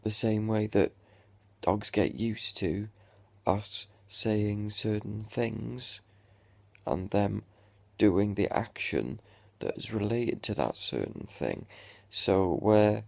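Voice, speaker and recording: Young guy, sarcastic exasperated ranter, gravelly and unhurried, dry close sound. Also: lowish voice, a little mellow, no echo. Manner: sweary, exasperated, sarcastic rant. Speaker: vlogger. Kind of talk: ranting reaction vlog.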